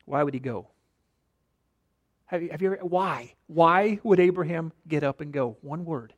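A male pastor preaching a sermon with rhetorical questions, rising to emphatic lines and dropping to a hush. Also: on the high side, normal speed. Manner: dynamic preaching, rhetorical questions, drops to near-whisper for emphasis.

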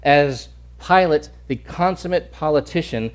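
A man preaching a sermon with a slightly high voice. He swings between booming, shouted lines and hushed, near-whispered ones, repeating words as he acts out the crowd. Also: unhurried.

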